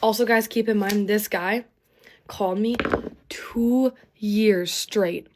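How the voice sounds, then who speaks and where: A woman's voice: mid-range voice, fairly even intonation, slow, background noise. Young woman, casual story time, rambling, venting, swearing. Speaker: TikTok storyteller. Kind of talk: get-ready-with-me story time.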